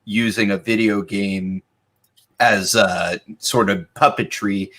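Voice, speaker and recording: A man's voice: on the low side, steady tone, slow, a bit bright. A man, a voice actor guest, chatting thoughtfully with hesitant fillers over a video call. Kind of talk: casual panel chat.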